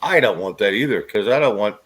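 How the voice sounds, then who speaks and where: A man's voice: lowish voice, expressive, brisk, a bit bright. A man chatting casually as host, blunt and joking, laughing often. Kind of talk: casual chat.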